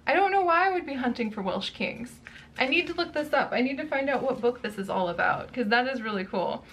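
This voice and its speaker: High-voiced, excitable woman unboxing books. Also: a little hiss or hum. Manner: gushing, excitable, quick to exclaim. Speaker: book unboxing vlogger. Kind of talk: casual unboxing chat.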